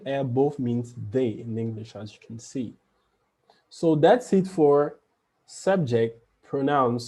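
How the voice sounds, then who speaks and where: A man's voice: medium pitch, mellow. A man teaching a French lesson online, patiently repeating each example sentence and explaining it step by step.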